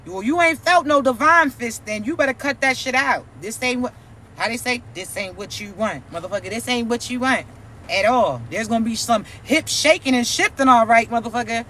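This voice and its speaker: Woman, high-pitched, bright and tense tone, preachy, mocking, cursing, vlog rant. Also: moderate pace, a little hiss or hum. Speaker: spiritual content creator.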